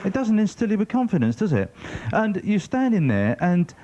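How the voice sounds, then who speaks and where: A man's voice: high voice, wildly swooping pitch, moderate pace. A man doing stand-up one-liners on a club stage, with a hesitant delivery full of fillers. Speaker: stand-up comedian. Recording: dull, noisy TV broadcast recording.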